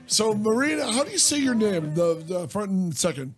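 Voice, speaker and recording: A man with a notably high voice co-hosts a casual radio chat show. He teases and laughs easily, keeping things light and quick. Faint music sits under his talk. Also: very animated. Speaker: radio co-host.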